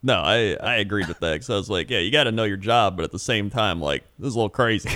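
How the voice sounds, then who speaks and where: A man's voice: on the low side, fast, no room sound. Laughing young man telling a story. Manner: animated storytelling, acts out quotes, laughs often. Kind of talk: casual chat.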